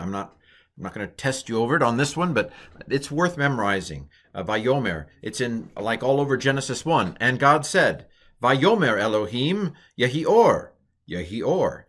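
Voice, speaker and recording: A man giving a relaxed recorded lesson, chatty and thinking aloud, with fillers and restarts. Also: mid-range voice. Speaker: teacher.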